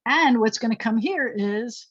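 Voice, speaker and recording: A woman's voice: a little high, expressive, unhurried, fairly bright tone, muffled recording. A woman rabbi teaching a Hebrew class online, explaining step by step in a chatty way and thinking aloud as she goes. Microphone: video call.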